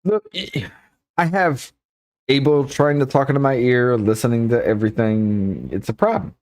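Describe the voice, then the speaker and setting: A man's voice: mid-range voice, moderate pace, a little mellow. A man co-hosting a podcast over a voice call, talking casually and bluntly with frequent swearing. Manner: blunt and profane. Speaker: podcast co-host.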